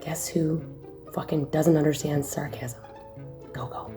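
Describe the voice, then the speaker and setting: A man's voice: a little high, a little slow, a little mellow, soft background music. A man telling a teasing, sarcastic story about a friend, joking and swearing as he goes. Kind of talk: joking anecdote.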